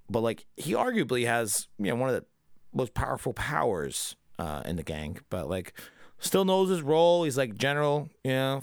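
A man's voice: medium pitch, vocal fry, no echo, clean studio sound. Profane, chatty male podcast host. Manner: loose and profane, with lots of fillers. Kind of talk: casual chat.

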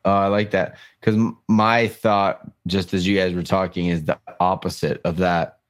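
A man sitting in as a guest on a casual sports fan podcast. His voice sits very low. He chats in a relaxed, easygoing way. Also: normal speed, no echo.

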